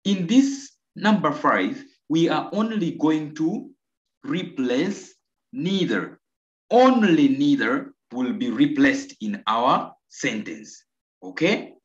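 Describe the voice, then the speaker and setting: A Ugandan man teaching an online English lesson, slow and coaxing, repeating answers and praising his pupils. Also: on the high side, expressive. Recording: roomy, dull lo-fi video call audio.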